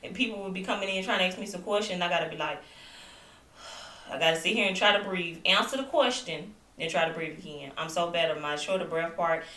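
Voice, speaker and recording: A woman's voice: on the low side, a little fast, distant mic. A young woman vlogging at home, chatting animatedly about being sick while still recovering with a lingering cough. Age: young adult. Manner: chatty, animated retelling with asides to viewers. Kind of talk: casual storytelling to camera. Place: home, indoors. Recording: echoey room, voice off-mic.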